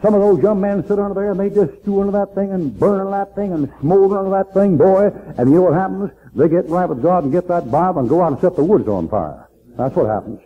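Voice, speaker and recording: A man's voice: high voice, fast. A man preaching a fiery sermon in a church, folksy and emphatic, repeating lines for effect. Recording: tinny, phone-like old tape recording.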